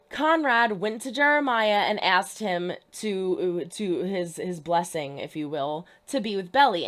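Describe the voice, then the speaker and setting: Young female reaction host, emphatic and exasperated, bright lively pitch that swoops up and down. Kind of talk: casual TV reaction commentary.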